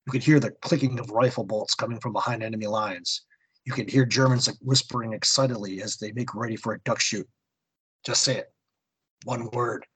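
Podcast guy reading a war comic out loud, super husky breathy voice, dramatic. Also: on the low side, steady tone, brisk, poor audio. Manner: theatrical narration in second person. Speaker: podcast host.

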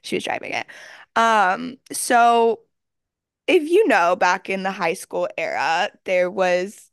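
A woman in her twenties co-hosting a podcast, telling a story in an animated way with fillers and laughs. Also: mid-range voice, slow, clear, resonant tone, dry recording, studio quality. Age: 20s. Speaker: podcast co-host. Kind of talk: casual chat.

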